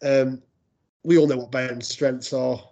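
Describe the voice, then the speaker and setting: A man's voice: mid-range voice, level tone, a little slow, warm tone, highs cut off. A man, co-hosting a casual football podcast and mixing his player ratings with wry joking asides. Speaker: podcast co-host.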